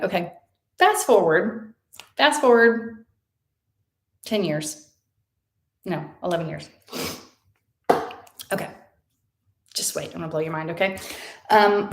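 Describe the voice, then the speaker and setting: A woman's voice: fairly low pitch, reverberant. A woman in her thirties, chatting casually to the camera as she tells a personal story, full of fillers and acted-out quotes. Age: 30s. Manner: chatty, emotional, many fillers, acts out quotes. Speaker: vlogger.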